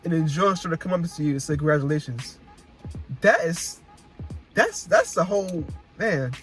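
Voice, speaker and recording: A young man talks to his viewers in loose, slangy speech, looping back over his points and laughing now and then. His voice sits a little high for a man. Faint music plays behind him. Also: lively intonation, moderate pace, fairly bright tone. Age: young adult. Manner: casual slangy storytelling, repeats himself, laughs often. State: emotional, close to tears. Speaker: vlogger recounting Marine boot camp. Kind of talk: casual chat.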